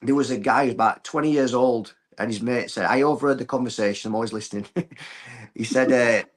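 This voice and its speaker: A man who coaches martial arts talks on a podcast at a middling pitch. He tells stories bluntly and with plenty of life, in plain, earthy words. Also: a little fast. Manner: animated storyteller, blunt and earthy. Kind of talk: casual podcast chat.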